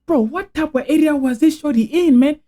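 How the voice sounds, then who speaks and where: A man's voice: very high voice, fairly quick, warm tone. A man from Africa hosting a reaction video, talking in rambling slang full of "bro" and "like". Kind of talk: casual reaction commentary.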